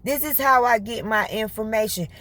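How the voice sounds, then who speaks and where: A woman telling a story to her viewers in casual, colloquial chat. She talks fast in bursts, is lively, and laughs often. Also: a little high. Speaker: vlogger.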